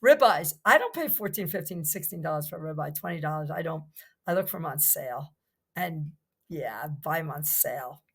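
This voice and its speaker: A woman's voice: low-pitched, expressive, a little fast, slightly rough. Chatty older woman giving kitchen tips. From New Jersey. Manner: chatty, enthusiastic, rambling with restarts. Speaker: podcast guest. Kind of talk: casual chat.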